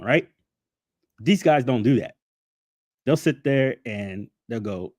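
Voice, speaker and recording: Male streamer, casual heated rant, profane and sarcastic, very lively pitch, dry close sound. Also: normal speed, dry recording. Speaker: channel host.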